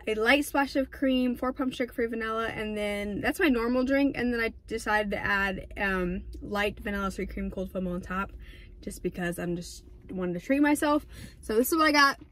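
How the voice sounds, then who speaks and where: A young woman vlogging casually, talking fast and filling with "like" and "um", filmed on a phone in her car and later on a tripod at home. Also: fairly high pitch, fairly bright tone. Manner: fast, chatty, lots of "like" and "um". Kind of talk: casual vlog chat. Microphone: phone camera, then on a tripod.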